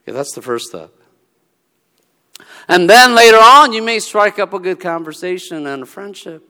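A pastor tells stories from the pulpit in a chatty sermon and slips into the voices of the people in them. His voice is fairly high and bright, and a long reverb rings around him in a large church hall. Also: lively intonation, normal speed, smooth. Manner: conversational storytelling, acting out dialogue.

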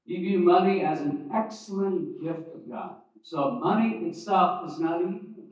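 A man delivers a teaching sermon in a loose, conversational way, restarting phrases and adding asides. His voice sits a little high and carries from some distance, heard through a dull, muffled recording that rings with heavy church echo. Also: unhurried. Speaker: preacher. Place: church sanctuary.

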